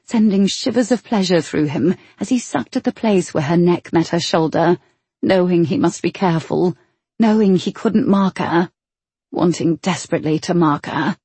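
A woman narrating a romance audiobook in a slow, sensual manner. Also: lowish voice, warm tone, slightly rough, dry recording.

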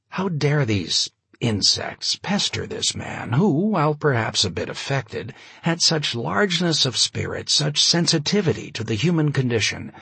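A man reading a novel aloud, a measured and expressive narration with a wry touch. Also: medium pitch, vocal fry, breathy edge, no room sound. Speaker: audiobook narrator. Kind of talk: scripted narration.

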